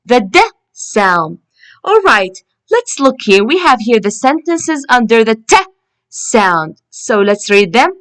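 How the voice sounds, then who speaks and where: Woman, teacher, phonics lesson, very slow, repeats words, drawn-out endings, high voice. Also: very animated, fairly bright tone. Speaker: English teacher.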